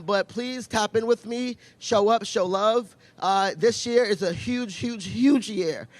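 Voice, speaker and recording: High-voiced guy, nonprofit director, upbeat rally announcement, dry sound. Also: no room sound. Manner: upbeat and rallying, inviting people warmly, some ums. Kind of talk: public announcement speech at a rally. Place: outdoor city plaza event.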